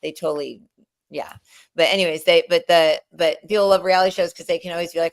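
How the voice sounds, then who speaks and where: Chatty woman in her forties, gravelly. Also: lowish voice, quick pace. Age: 40s. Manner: chatty, animated storyteller. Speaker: co-host. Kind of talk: casual chat on a livestream.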